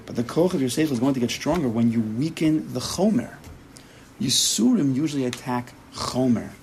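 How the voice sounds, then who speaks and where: In a Torah class, a rabbi's gravelly, creaky mid-range voice has a darkish tone and lively intonation, moving at a moderate pace as he stresses his points. He frequently makes his case through short quoted inner voices. A faint hiss runs under the rough recording.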